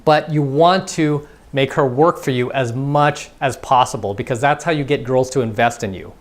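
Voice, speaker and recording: A man's voice: mid-range voice, normal speed. A man giving a casual, conversational dating lesson as a coach, acting out both sides of example conversations. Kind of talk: instructional monologue.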